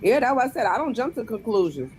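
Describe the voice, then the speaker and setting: A woman's voice: on the high side, sing-song, fast talker, slight background noise. A woman calling in to a talk show, deferential and rambling as she defends her questions. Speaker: caller. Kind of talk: call-in conversation.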